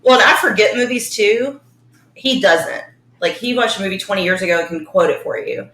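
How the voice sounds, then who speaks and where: A woman's voice: mid-range voice, fairly quick, fairly bright tone, echoey room. A woman chatting casually about films and teasingly telling a story about her partner. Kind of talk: casual film chat.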